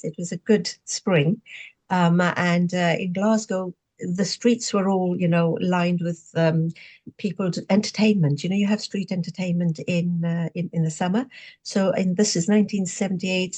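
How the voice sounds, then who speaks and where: A woman in her sixties from Zimbabwe tells her life story as a podcast guest. Her voice sits a little low for a woman, and she talks in a lively, reflective way with plenty of "um"s and "you know"s. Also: normal speed. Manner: animated, reflective storyteller with many fillers. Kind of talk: storytelling interview answers.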